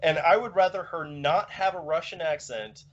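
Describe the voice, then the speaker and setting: A man's voice: fairly high pitch, normal speed, fairly bright tone. A man co-hosting a casual podcast chat, rambling with many fillers and restarts. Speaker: podcast co-host. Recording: dull lo-fi podcast audio.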